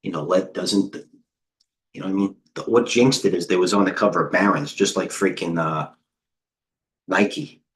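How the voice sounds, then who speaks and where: Man, middle-aged, lowish voice, rambling, excitable, chatty live market talk. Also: moderate pace, pauses often, slight background noise. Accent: New York. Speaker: trading coach hosting a livestream. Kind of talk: casual live market commentary.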